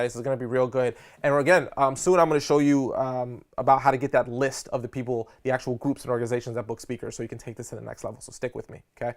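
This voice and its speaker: A man teaching a live seminar on public speaking, energetic and slangy, often checking in with his audience. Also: medium pitch. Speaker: speaker coach.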